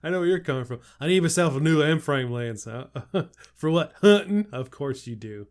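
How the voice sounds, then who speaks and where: A man's voice: mid-range voice, moderate pace. A man co-hosting a podcast, laid-back and casual, swearing and laughing often. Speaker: podcast co-host. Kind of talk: casual chat.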